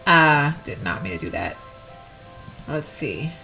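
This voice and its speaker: A woman chats through a game decorating session, her voice bouncing up and down in pitch as she rambles and corrects herself. Faint music plays under her commentary. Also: big pitch swings, slow pace, vocal fry, pushed and bright. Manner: chatty, rambling, self-correcting, giggly. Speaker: Sims gameplay YouTuber. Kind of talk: casual gameplay commentary.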